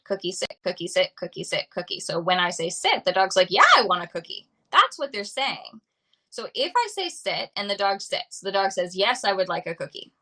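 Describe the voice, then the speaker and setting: A woman's voice: medium pitch, pushed and bright, poor audio. A woman dog trainer on a live stream, talking through viewer questions and repeating simple examples to explain her point.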